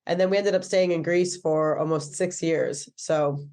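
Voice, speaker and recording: A woman's voice: low-pitched, steady tone, normal speed, warm tone. A woman in her thirties with an American accent, a stand-up comedian chatting casually in an interview, full of "like"s and self-corrections. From England. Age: 30s.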